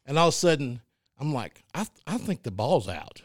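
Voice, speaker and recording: A man's voice: medium pitch, fairly quick, dry recording, clean studio sound. A man co-hosting a casual sports talk show, telling stories with lots of laughter and false starts. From Arkansas. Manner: animated storyteller, laughs often, restarts sentences. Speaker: podcast co-host and youth football coach.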